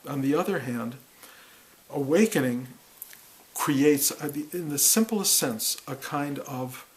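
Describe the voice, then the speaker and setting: A middle-aged man teaching about awakening in a musing, reflective way, repeating words and breaking into animated bursts. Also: medium pitch, slow pace, poor audio. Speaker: spiritual teacher. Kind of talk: reflective spiritual talk.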